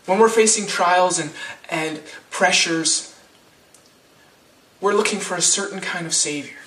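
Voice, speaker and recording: A man's voice: sits high, a little slow, pushed and bright, reverberant, recorded from a distance. A man in his thirties preaching a sermon as pastor, conversational, with frequent restarts and rhetorical questions.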